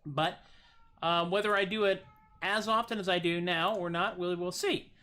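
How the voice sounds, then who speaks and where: A man's voice: high-pitched, fairly even intonation, moderate pace. A man hosting a livestream music show, chatting casually and goofily between his songs in a rambling, self-deprecating way at home. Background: acoustic guitar playing.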